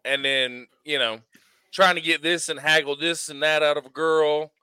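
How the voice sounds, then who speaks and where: A man chats on a podcast in a slangy way, saying "bro" a lot. His voice is bright and smooth and sits a little high, recorded close and dry. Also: steady tone, moderate pace, no room sound. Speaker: podcast co-host. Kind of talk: casual podcast chat.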